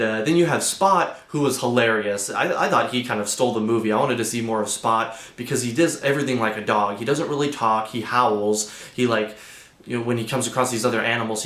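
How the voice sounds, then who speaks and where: A man's voice: mid-range voice, a bit bright, echoey room. A young man hosting a casual movie review, chatty and loose with lots of fillers.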